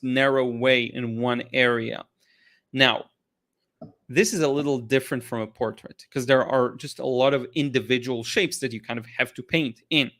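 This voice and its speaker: Slightly bright and mid-range, the man's voice carries a casual livestream art Q&A where he chats enthusiastically about paintings. Tired and yawning, he rambles, restarting often and filling gaps with fillers.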